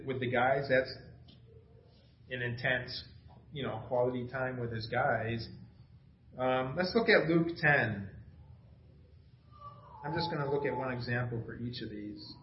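Middle-aged man, pastor, casual excited sermon, roomy hall sound, slightly dull audio. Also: mid-range voice, a little hiss or hum. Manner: casual and enthusiastic, storytelling with laughs. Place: church sanctuary. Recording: echoey dull church recording.

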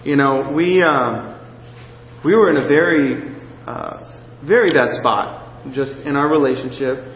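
A man preaching a sermon, telling a personal story in a halting, emotional way with many restarts, close to tears. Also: medium pitch. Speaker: pastor. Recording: echoey hall, dull lo-fi sound, faint noise.

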